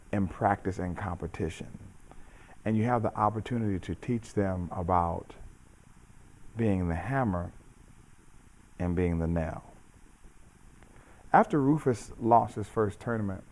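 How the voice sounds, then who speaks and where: A middle-aged man with a fairly low voice speaks in a measured, preacherly way. He builds his points through repetition and steady emphasis, like a coach passing a lesson on to his listeners. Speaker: judo coach and host. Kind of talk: reflective motivational talk.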